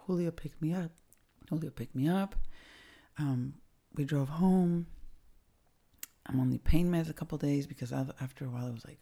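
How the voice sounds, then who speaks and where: Low gravelly-voiced woman telling her story. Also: normal speed, pauses often, warm tone. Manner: candid, casual, swears, laughs often. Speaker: podcast host. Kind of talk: personal storytelling.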